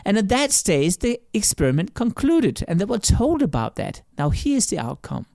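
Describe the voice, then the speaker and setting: A man's voice: high-pitched, very animated, normal speed, vocal fry, a little mellow, dry recording, clean studio sound. A man being interviewed as an author, explaining his ideas through stories and examples, often repeating words as he goes. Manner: storytelling, explains with examples and acted-out quotes; repeats words and restarts sentences. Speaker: author and guest. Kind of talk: conversational interview answers.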